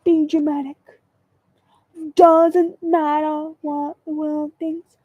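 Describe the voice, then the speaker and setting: Woman vlogger, high voice, drawn-out dramatic delivery, dull lo-fi camera audio. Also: little pitch movement, dark tone, no echo. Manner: slow, theatrical, emphatic delivery. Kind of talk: dramatic motivational monologue to camera. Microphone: camera mic.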